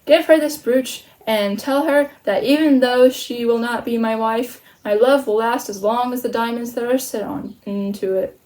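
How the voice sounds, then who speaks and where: A mournful, lovesick duke from a storybook, read by a woman. He speaks softly and dramatically. The voice sits a little high. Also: moderate pace, natural voice, low-quality recording.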